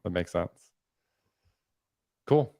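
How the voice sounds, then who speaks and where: A man's voice: extremely slow, mellow, no echo, clean studio sound. A man hosting a live stream, chatting casually and rambling with frequent "um"s and "like"s. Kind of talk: casual chat.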